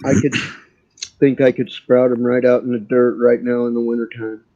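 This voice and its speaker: A laid-back man talks easily in a loose panel chat, his voice dark and mellow. The sound is dull and lo-fi. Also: mid-range voice, level tone, normal speed. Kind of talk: casual live panel chat. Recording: dull lo-fi audio.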